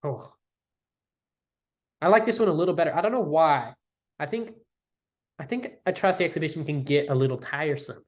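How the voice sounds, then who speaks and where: A man's voice: on the high side, lively intonation, fairly quick, long pauses. A young man ranking his favorite albums in casual chat, enthusiastic and rambling, slangy and full of fillers.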